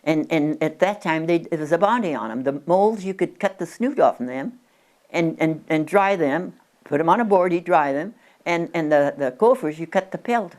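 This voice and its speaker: An Oregon woman in her nineties, interviewed at her country home, talks expressively at normal speed in a low, darkish voice. Her reminiscing is chatty and meandering, with frequent restarts.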